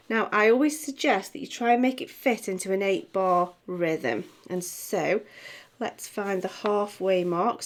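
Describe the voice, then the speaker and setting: Middle-aged woman, music theory teacher, slow patient delivery, casual and unscripted. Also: medium pitch. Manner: unhurried, chatty teaching with many fillers and restarts. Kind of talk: explaining a lesson to camera.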